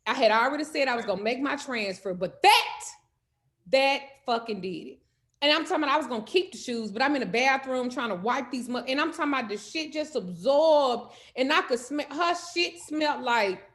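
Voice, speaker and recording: A woman telling a comedic story in animated, loud, profane style. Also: high voice, normal speed. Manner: animated, loud, cursing freely. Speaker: host.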